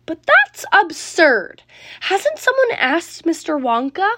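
A woman's voice: very high voice, wildly swooping pitch, takes it slowly, pushed and bright, dry recording, studio quality, voice pushed up, heavily acted. A woman doing an eager, curious little boy. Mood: eager questioning. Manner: eager, questioning.

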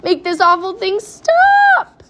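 A woman's voice: on the high side, wildly swooping pitch, very slow, heavy background noise, heavily acted. A woman voicing a big, blustering middle-aged father who barks out his complaints in a storybook reading. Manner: blustering, loud.

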